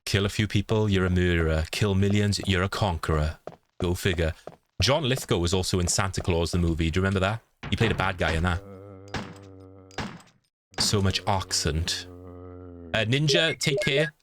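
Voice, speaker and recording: A man's voice: low voice, normal speed, long pauses, background noise. A man streaming a game from his room, chatting and greeting viewers by name. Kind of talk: livestream gameplay chat. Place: home room. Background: game music.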